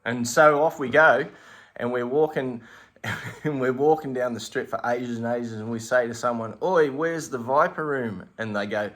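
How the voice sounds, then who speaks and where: A man's voice: mid-range voice, fairly even intonation, moderate pace, fairly bright tone. An Australian man, a podcast co-host, telling a rambling story in casual chat, acting out the voices and swearing freely.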